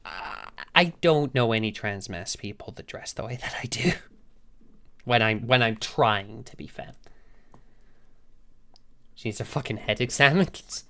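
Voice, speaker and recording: A woman's voice: very deep voice, unhurried, pauses often. A woman streamer telling a story to her chat in a casual, sweary way, laughing often. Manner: animated, sweary, frequent laughs.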